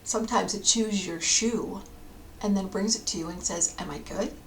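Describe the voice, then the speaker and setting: A woman counsellor giving a calm, explanatory podcast talk, sometimes dropping to a near whisper. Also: medium pitch, normal speed, slight background noise.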